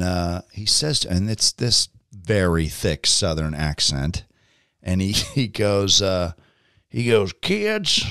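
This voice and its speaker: A man's voice: sits low, vocal fry, no echo, clean studio sound. A middle-aged man hosting his own podcast, telling a long story in a casual, rambling way with many ums and restarts. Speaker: podcast host.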